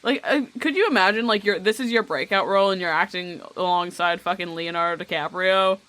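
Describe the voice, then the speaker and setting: A woman's voice: lowish voice, a little fast, a bit bright. A woman in her twenties co-hosting a podcast, chatting casually and enthusiastically, swearing often. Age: 20s. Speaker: podcast co-host. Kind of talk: casual chat.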